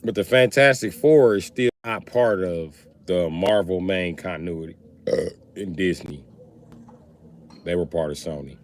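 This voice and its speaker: A man's voice: sits low, measured pace. Profane, rambling male livestreamer. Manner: loose, profane, rambling talk. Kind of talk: casual livestream chat.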